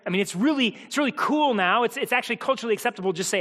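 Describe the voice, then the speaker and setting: High-voiced preacher in a reverberant hall. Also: male voice, lively intonation, very fast, few pauses. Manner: earnest, swings between hushed and urgent. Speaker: pastor. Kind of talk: sermon.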